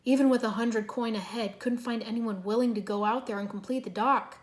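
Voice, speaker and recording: A woman puts on a gruff, working-class foreman in a storybook reading. He drawls in a folksy way, with a voice a bit high for a man. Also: steady tone, brisk, close to an everyday voice.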